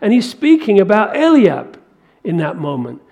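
A man preaching a sermon, emphatic, with his delivery building to forceful peaks. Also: high-pitched, huge pitch swings, normal speed, vocal fry.

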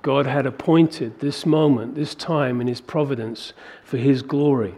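A man preaching a sermon to a congregation, animated and acting out biblical dialogue in a raised voice. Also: medium pitch, a little slow. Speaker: pastor.

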